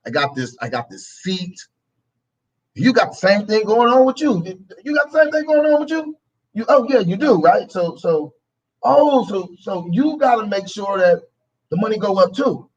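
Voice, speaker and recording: A man's voice: high voice, a bit bright, breathy edge, muffled recording. A male talk show host delivering a preachy political commentary monologue, repeating his phrases and acting out both sides of an argument.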